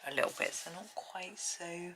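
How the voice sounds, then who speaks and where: A middle-aged woman chatting gently and rambling while she colours, often dropping to a near whisper. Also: on the low side, normal speed, a little hiss or hum, low-quality recording. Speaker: colouring video host. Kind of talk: soft-spoken colouring tutorial chat.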